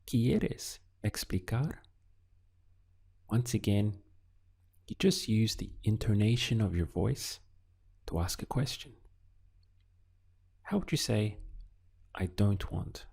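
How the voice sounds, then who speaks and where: A man teaching a recorded language lesson, asking slow, deliberate questions and pausing for the learner to answer. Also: lowish voice, expressive, vocal fry, darkish tone, slightly rough. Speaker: Spanish teacher.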